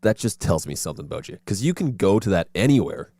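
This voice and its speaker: A man's voice: deep voice, very animated, fast talker, dark tone, no room sound, studio quality. A young man in casual podcast chat, talking emphatically and with animation. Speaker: podcast co-host.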